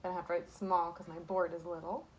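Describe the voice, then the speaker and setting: A woman's voice: fairly low pitch, level tone, a little fast, slight background noise. A young woman teaching a kindergarten class remotely from home, in a sing-song, encouraging way with lots of rhetorical questions, recorded on a camera mic. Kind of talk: remote lesson to young children.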